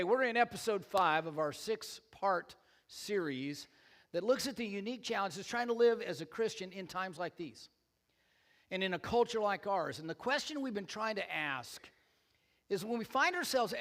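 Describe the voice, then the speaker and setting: Older male pastor, slightly high voice, humorous self-mocking sermon delivery to a church. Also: a bit bright, big-room sound. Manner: joking, self-deprecating storyteller.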